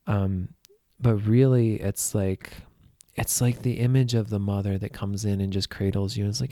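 Low mellow guy, musician guest, gentle and kinda searching for words, dry mic. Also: little pitch movement, moderate pace, no room sound. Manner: gentle, searching, hesitant restarts. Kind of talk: casual heartfelt conversation.

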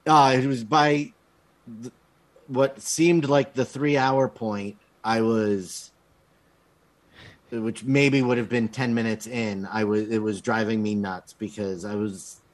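A man's voice: fairly low pitch, steady tone, unhurried. A man in casual podcast chat, reviewing a film bluntly with frequent ums and swearing. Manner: hesitant, lots of ums, blunt and profane.

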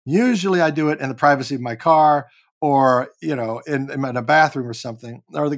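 A man in his fifties, an actor and comedian, telling stories as a guest in a casual interview with lots of swearing and shouted reenactments. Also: medium pitch. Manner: animated, profane, barks when reenacting.

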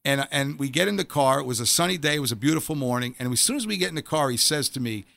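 A middle-aged man tells his faith story as an interview guest, earnest and emphatic, often doubling the first word of a phrase. His voice sits fairly high and has a gravelly, bright edge. The sound is dry, with almost no room echo. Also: animated, fast talker, few pauses. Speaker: guest sharing a faith testimony. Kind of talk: personal testimony in a conversational interview.

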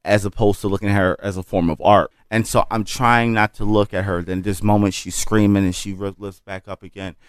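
A man, a comedian guest, telling a story in casual chat, animated and profane, acting out what others said. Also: lowish voice, brisk, few pauses, clear, resonant tone, no room sound, studio quality. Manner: animated, profane, acts out quotes.

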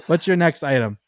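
A man co-hosting a podcast, talking in a slightly high voice that grows excitable and breaks into laughs. He trails off into ums as he searches for his next point. The sound is dry and close. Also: creaky, no room sound. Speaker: podcast co-host. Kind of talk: casual chat.

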